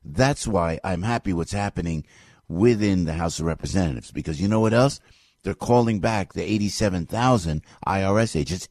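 A man hosting a morning radio talk show, talking in a casual, opinionated way, excitable and jokey, often jumping loud and high. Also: moderate pace, no room sound, studio quality. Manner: animated, excitable, jokey, swings loud and quiet.

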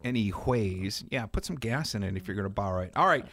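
A man's voice: fairly quick, a little hiss or hum. A middle-aged man co-hosting a casual chat, joking and playing up being grumpy with big swings in his voice. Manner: joking, mock-grumpy, animated pitch jumps. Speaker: podcast co-host.

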